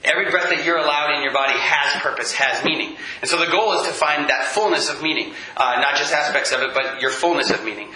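A man's voice: a little high, fast, few pauses, pushed and bright. Earnest man speaking in an echoey hall. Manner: earnest, restarts mid-thought. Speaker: speaker at a church talk. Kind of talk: earnest reflective talk. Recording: echoey room.

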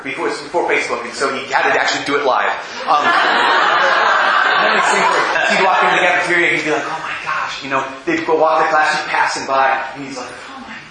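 A man leading a teaching session, speaking casually to a group and acting out the quoted lines as he tells a story. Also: a little high. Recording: very echoey room, faint hiss.

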